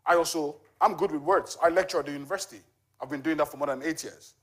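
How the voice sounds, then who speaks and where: A man's voice: fairly high pitch, fast talker, a bit bright. A man in his forties giving a conversational church testimony, telling a story with frequent fillers like "you know". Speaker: charity volunteer giving a testimony.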